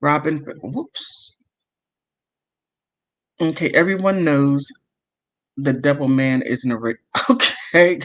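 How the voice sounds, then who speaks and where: Male streamer, slightly high voice, slow heated delivery, dull lo-fi audio. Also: a bit bright. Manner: emotional, heated, self-interrupting and apologetic. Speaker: livestream host. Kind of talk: casual livestream commentary, reading chat comments.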